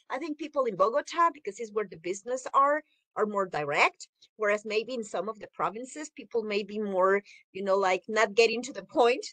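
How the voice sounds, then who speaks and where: High-voiced animated woman teacher. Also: no room sound, rough recording. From Mexico. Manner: animated, laughs often, acts out examples. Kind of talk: online class lecture.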